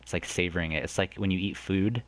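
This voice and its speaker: A man hosting a let's play, chatting to viewers in a rambling way and exclaiming loudly when something surprises him. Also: sits low, fast, dry recording. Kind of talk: gameplay commentary.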